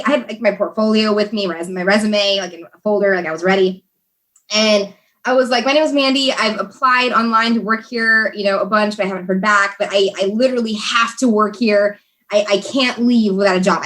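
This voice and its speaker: A woman's voice: medium pitch, fairly bright tone. A young American woman, a podcast guest, telling a story in casual chat, laughing often and talking with many fillers and restarts. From USA.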